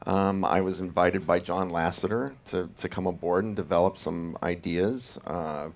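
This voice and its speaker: A man being interviewed as a film director, talking hesitantly with many pauses and restarts. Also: low voice, fairly even intonation. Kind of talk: casual interview.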